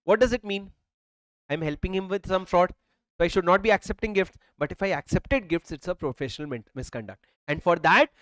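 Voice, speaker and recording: An Indian English male teacher of accountancy law, with a high voice, delivers a classroom lecture to his students, drilling points emphatically and repetitively and calling them "sir." He uses a handheld or worn mic, and the close recording is dry and low in quality.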